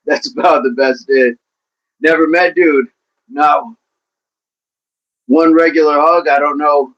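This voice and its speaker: Bright-voiced man chatting on a livestream. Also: fairly high pitch, steady tone, slow, long pauses, lo-fi sound. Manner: talkative, encouraging, addresses viewers by name. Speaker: livestream host reading chat. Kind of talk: casual livestream chat.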